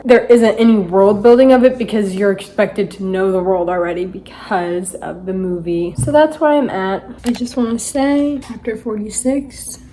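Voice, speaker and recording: A woman's voice: medium pitch, mellow, slight background noise, low-quality recording. Chatty young woman book vlogger. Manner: chatty, rambling, lots of "like". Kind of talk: casual reading vlog chat. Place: in her car.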